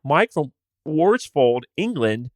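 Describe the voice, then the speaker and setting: A man's voice: a little high, sing-song, slow pace. A man hosting a podcast on his own, chatting casually and animatedly in a slangy, joking way. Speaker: podcast host. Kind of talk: casual solo podcast chat.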